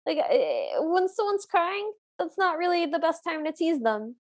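High-voiced woman speaking frankly. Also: sing-song, measured pace. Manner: frank and opinionated, states her dislikes plainly. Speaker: podcast co-host. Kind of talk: casual chat.

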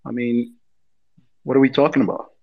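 A man's voice: medium pitch, level tone, moderate pace. Jokey man on a dull line. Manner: jokey, irreverent. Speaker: guest speaker. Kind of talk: casual chat.

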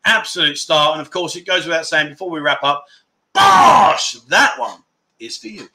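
Talking fast in a slightly high, sharp voice, this livestream host in his fifties keeps things casual, chatting and reading out comments from viewers between long, rambling stories.

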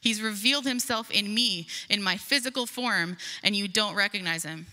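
A woman's voice: mid-range voice, moderate pace, bright, forceful tone. A woman preaching a sermon, earnest and emphatic, reading scripture aloud and explaining it. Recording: long hall reverb.

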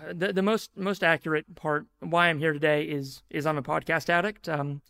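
A man's voice: a little high, steady tone, normal speed, creaky, sharp tone, smooth. A man with a Pacific Northwest American accent, chatting as a podcast guest in a wry, self-deprecating way. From grew up rural near Seattle and in New Zealand. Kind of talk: casual podcast chat.

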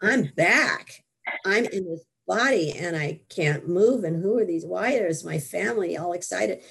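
An older woman, a guest author, telling her story in an interview with lively asides and frequent laughs. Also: on the low side, measured pace, creaky, breathy edge. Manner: animated storytelling, laughs often.

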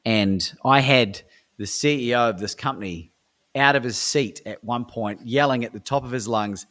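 A man's voice: mid-range voice, normal speed, fairly bright tone. An Australian man, a coach and speaker, telling stories as a guest in a podcast interview in an enthusiastic, emphatic way. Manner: enthusiastic, emphatic, repeats words when he restarts. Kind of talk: animated storytelling in a podcast interview.

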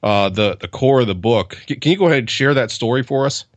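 A male interview host with a mid-range pitch is heard in a dry, close recording. He asks his questions haltingly, filling pauses with lots of um and uh. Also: expressive, dry recording, muffled recording. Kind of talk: conversational interview.

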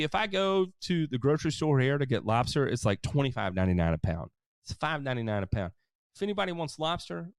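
A man's voice: on the high side, creaky, dry recording, studio quality. A man hosting a lawn care livestream, casually reading and answering viewer comments with jokes. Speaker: lawn care show host.

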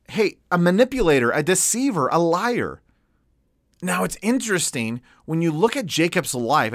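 A male preacher tells a story in an animated way, laughing as he goes. His voice sits a bit high and swoops widely in pitch, and the recording is dry and close. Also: no room sound. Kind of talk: storytelling sermon.

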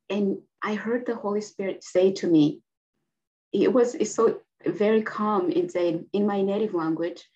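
A woman's voice: mid-range voice, darkish tone. Earnest woman on dull lo-fi audio. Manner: heartfelt, halting, with many restarts. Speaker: interview guest. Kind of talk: earnest testimony.

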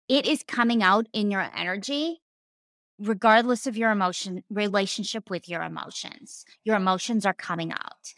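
A woman's voice: medium pitch, sharp tone, no echo. A woman coach and former therapist giving a casual teaching talk, earnest, with emphatic repetitions and casual slang.

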